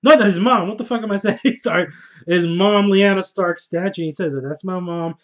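A man doing a casual spoiler review of a TV episode, excitable and profane, often laughing as he talks. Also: high-pitched, a little fast, dull audio. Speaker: TV show reviewer.

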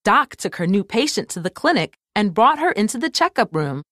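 A woman reading a children's storybook aloud in an expressive storytelling manner. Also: mid-range voice, fairly quick, no room sound, clean studio sound. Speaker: storybook reader. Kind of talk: scripted narration for children.

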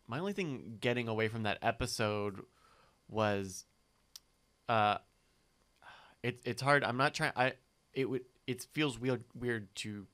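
A man's voice: medium pitch, a bit bright, smooth. A man co-hosting a podcast, chatting in an easygoing way with hesitant fillers. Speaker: podcast co-host. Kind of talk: casual chat.

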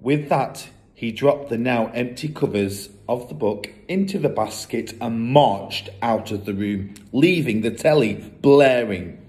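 Male storyteller, mid-pitched voice, animated children's book reading. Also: unhurried, few pauses. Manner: expressive, lively storytelling.

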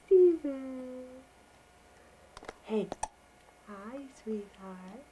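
A woman coos baby talk to her infant on a home video camera, her fairly high voice swooping up and down in a teasing sing-song. The tone is mellow and warm, and she takes her time with unhurried phrasing. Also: animated, lo-fi sound, background noise. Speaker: mother filming her baby. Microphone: handheld home video camera.

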